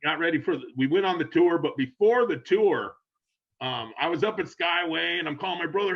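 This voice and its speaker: A rambling older man spins a casual story, his voice sitting a touch high. He laughs often and jumps up in pitch to act out what people said. The sound is dull and a bit lo-fi. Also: brisk. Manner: rambling, animated, laughing, acts out quotes in raised voice. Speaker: guest storyteller.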